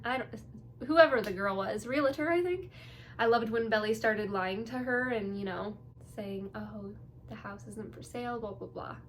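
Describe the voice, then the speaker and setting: Young female vlogger, fairly high voice, bubbly and gushing, casual chat, faint hiss behind. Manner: gushing, bubbly, full of "like" and "you guys". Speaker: TV reaction vlogger.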